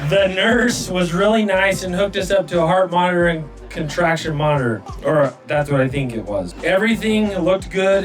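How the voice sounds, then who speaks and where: A middle-aged father reading aloud an old journal entry, with soft chuckles. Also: on the high side. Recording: distant from mic with clear music behind.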